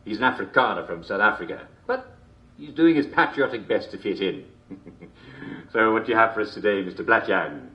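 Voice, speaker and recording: Uncle Jack, a chuckling show host. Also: male voice, fairly low pitch, highs cut off. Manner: chuckles constantly between lines, chummy showman patter. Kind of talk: video game character performance.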